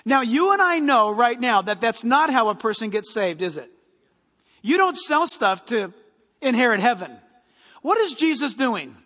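A man preaching a sermon as a pastor, animated and full of rhetorical questions. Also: very high voice, moderate pace, in a large hall.

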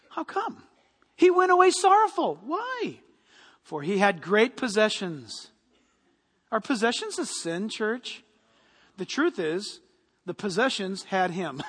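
A man preaching a sermon as a pastor, animated and full of rhetorical questions. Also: high voice, in a large hall.

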